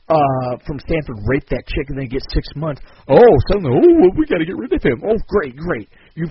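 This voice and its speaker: A man's voice: a little high, muffled recording, slight background noise. A man hosting a podcast, delivering an angry solo rant full of profanity and furious outbursts. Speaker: podcast host.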